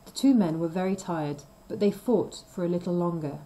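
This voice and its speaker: Woman, storybook narration for learners, slow, clear, low pitch. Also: dark tone, slight background noise, low-quality recording. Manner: slow, clear, simple phrasing. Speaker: reader of a graded story.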